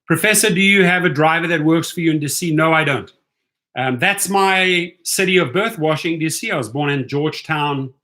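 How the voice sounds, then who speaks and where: A man's voice: fairly high pitch, fairly bright tone. A man with a South African accent hosting a casual live stream, reading out viewer questions and answering them in a chatty, blunt way. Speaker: livestream host answering viewer chat.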